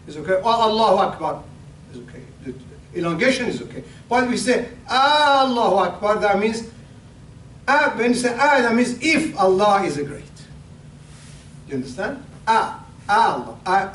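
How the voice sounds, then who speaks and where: Older man preaching in an echoey hall. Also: high-pitched. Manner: halting, repeats words and restarts, rises for emphasis. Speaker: imam. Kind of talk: pre-sermon talk. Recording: echoey hall, distant mic, faint hum.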